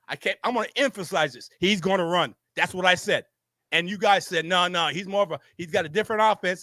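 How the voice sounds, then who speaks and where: Insistent, stammering high-voiced man. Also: sharp tone, no echo. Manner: insistent, repetitive, stammering restarts. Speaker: show host. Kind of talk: heated sports debate. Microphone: facing a camera.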